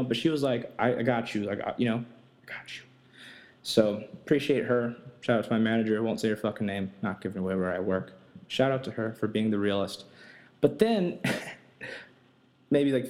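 A young man hosting a podcast, telling a casual, profane and animated story about his life and work. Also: mid-range voice. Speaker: podcast host.

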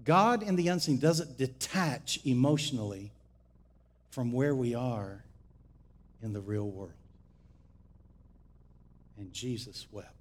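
A man preaching a sermon as pastor, shifting between shouted exhortation and quiet, close teaching. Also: medium pitch, slow, pauses often, a little hiss or hum.

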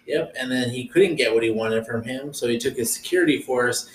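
A man's voice: mid-range voice, a little fast. A man co-hosting a casual podcast chat, rambling loosely and swearing freely as he recaps the story. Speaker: podcast co-host. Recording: roomy echo with faint noise.

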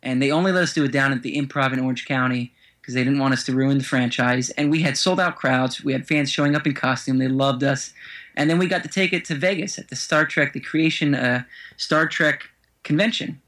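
A man's voice: mid-range voice, fairly even intonation, a little fast, a bit bright. A man, an actor guest on a podcast, telling stories in a chatty way and laughing easily. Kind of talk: casual podcast interview.

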